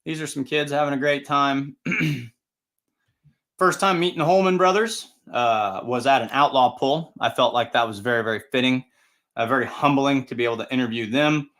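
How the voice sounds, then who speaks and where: A man's voice: mid-range voice, steady tone, brisk, a bit bright. A man who announces tractor pulls, hosting a casual livestream and telling upbeat, rambling stories. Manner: chatty, rambling, upbeat anecdotes. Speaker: tractor pull announcer and show host.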